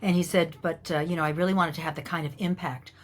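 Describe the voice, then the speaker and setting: Speaking quickly in a voice on the low side, a middle-aged actress shares anecdotes as a guest. She's lively, performs the quoted lines herself, and laughs a lot.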